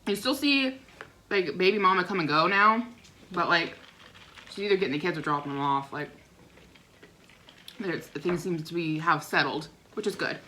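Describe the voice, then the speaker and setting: A young woman telling a rambling neighbor story in a casual vlog, chatty and animated. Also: on the low side, moderate pace, long pauses, slight background noise. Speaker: vlogger. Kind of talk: casual storytime while eating.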